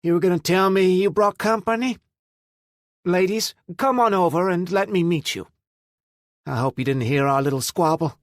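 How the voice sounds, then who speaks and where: A man's voice: mid-range voice, fairly even intonation, brisk, few pauses, no echo, studio quality, pitched above the performer's own voice, close to an everyday voice. A man doing a stern, loving mother. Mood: welcoming. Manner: scolding, firm.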